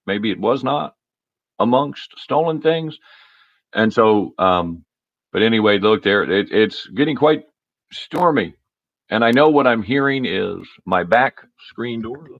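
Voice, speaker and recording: A man rambling on a solo livestream from his home cabin, talking into a laptop, halting and restarting often. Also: on the low side, lively intonation, dull audio. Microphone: laptop microphone.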